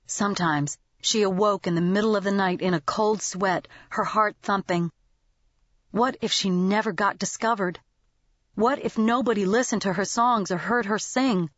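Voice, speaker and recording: A woman narrating a novel as an audiobook in a lively, expressive manner. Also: medium pitch, no room sound, lo-fi sound.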